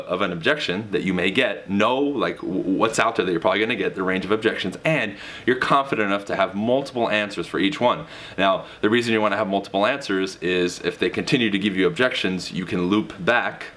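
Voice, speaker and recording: A deep-voiced man giving a motivational sales lesson straight to his viewers. He talks directly and casually, with the odd curse, and jumps up in pitch to hammer home key words. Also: fairly bright tone. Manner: emphatic, swings pitch for emphasis; direct, casual with mild swearing. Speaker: real estate sales coach. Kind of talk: motivational teaching monologue.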